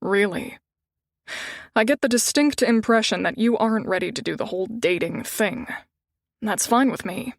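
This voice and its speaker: A woman's voice: medium pitch, animated, normal speed, no room sound, studio quality. A woman voicing a suave, confident man who talks in an easygoing, teasing way. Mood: playful.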